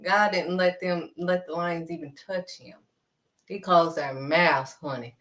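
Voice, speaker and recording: Animated woman preaching, bright voice. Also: on the low side, measured pace. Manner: animated preaching, calls listeners honey. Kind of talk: livestream sermon. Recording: livestream.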